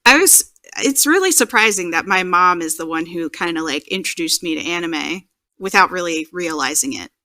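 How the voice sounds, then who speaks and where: A giggly young woman co-hosts a casual podcast chat. Her pitch swings widely as she talks, and she slips into little impressions of people. The sound is dry and close. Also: normal speed, dry recording. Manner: giggly, animated, quotes people in put-on voices. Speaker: podcast co-host.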